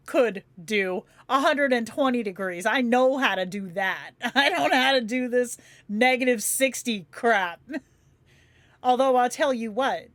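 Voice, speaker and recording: A woman who grew up in Phoenix chats loosely with her livestream viewers. She laughs easily and swears without a second thought. Her voice sits a bit high and sounds dry and close. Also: fairly bright tone, no echo. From Phoenix, Arizona, USA. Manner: chatty, laughs often, swears freely, says "yo". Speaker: livestream host. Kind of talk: casual chat with live viewers.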